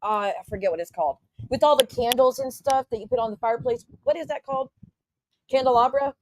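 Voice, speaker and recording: A woman's voice: fairly high pitch, quick pace. Indignant, profane woman livestreamer. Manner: indignant, profane, talks straight to her chat. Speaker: YouTube livestreamer. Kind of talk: casual ranting livestream.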